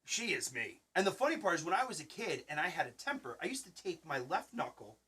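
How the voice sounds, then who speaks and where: A podcast host and Twitch streamer in his thirties speaks quickly in a husky, slightly high voice with big pitch swings. In his casual podcast chat he rambles through stories, loudly acting out what people said.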